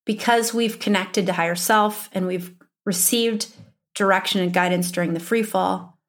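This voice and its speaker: A woman in her thirties with an Upper Midwestern accent, teaching as a spiritual coach in an earnest, emphatic way that repeats key phrases. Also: mid-range voice. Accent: Upper Midwestern American. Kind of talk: teaching monologue.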